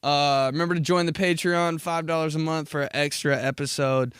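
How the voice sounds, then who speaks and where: A man's voice: a little high, steady tone, brisk, fairly bright tone, smooth, no echo, studio quality. A young man hosting a casual solo podcast, rambling through profane stories and laughing at his own jokes. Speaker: podcast host.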